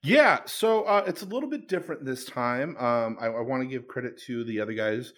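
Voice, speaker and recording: A man's voice: medium pitch, lively intonation, brisk, a bit bright. A man co-hosting a comedy podcast, talking casually and rambling into a jokey mock ad. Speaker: podcast co-host. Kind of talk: casual chat and a mock ad read.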